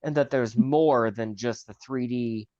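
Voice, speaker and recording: A man's voice: mid-range voice, unhurried, a little mellow, no echo. A man from the US chatting as a guest on a livestream call, joking and wandering off in asides. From United States. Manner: wry, joking, talks in meandering asides. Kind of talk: casual call-in chat. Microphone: video call. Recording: dry, dull lo-fi call audio.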